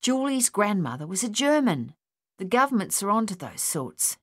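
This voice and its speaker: In an audiobook, a woman voices a blunt, gossipy young country lad, pitching her mid-range voice above her natural one. She sounds very animated at a normal speed, and the recording is clean studio sound with no room sound.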